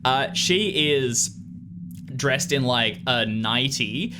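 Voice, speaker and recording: List: man, game master, mid-range voice, halting narration, fillers. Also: medium pitch, expressive, background noise. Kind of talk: narrating a tabletop horror game.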